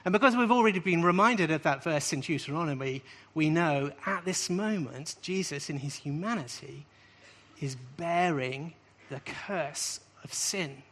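Guy preaching a sermon to a group, bit high voice, says stuff twice for emphasis. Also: unhurried, fairly bright tone. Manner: emphatic, repeats key phrases with rising questions. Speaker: preacher teaching on scripture. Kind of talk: sermon-style teaching.

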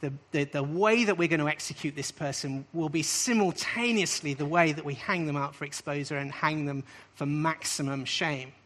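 A man with a slightly high voice preaches to a live group. His delivery is emphatic, and he stresses key phrases by saying them again. He often finishes a point with a questioning "right?". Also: moderate pace, hardly any pauses, a bit bright. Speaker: preacher teaching on scripture. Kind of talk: sermon-style teaching.

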